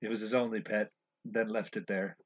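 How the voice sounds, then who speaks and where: A man's voice: on the low side, little pitch movement, a little fast. A man co-hosting a casual movie podcast, chatting and laughing often. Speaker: podcast co-host.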